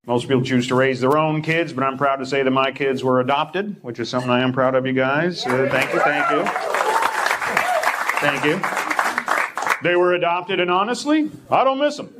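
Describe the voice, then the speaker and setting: A male comedian with a mid-range voice works the crowd at a moderate pace during a live stand-up set. His talk is blunt, teasing, and provocative, and loud noise fills the background.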